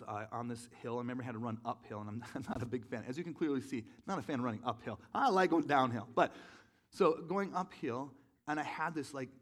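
A man preaching a sermon in a relaxed, storytelling way, with many "like"s and restarts, poking fun at himself. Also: mid-range voice. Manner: conversational, self-deprecating storytelling with many fillers. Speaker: pastor.

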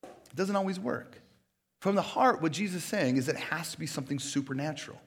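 A man preaching a sermon in a casual, conversational way, heavy on fillers, moving between hushed reflection and emphatic, animated questions. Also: fairly high pitch, brisk. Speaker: pastor.

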